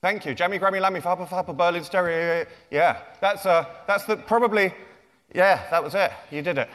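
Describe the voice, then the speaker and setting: A man's voice: high-pitched, brisk, fairly bright tone. A man in his forties, a children's author, giving a playful, self-mocking comic talk to young fans. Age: 40s. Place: large lecture theatre. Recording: reverberant hall.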